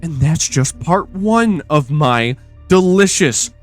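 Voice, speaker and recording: A man's voice: fairly high pitch, lively intonation, takes it slowly, no echo, faint music behind. A man hosting a podcast, telling stories in an exasperated, profane casual rant. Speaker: podcast host. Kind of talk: casual ranting storytelling.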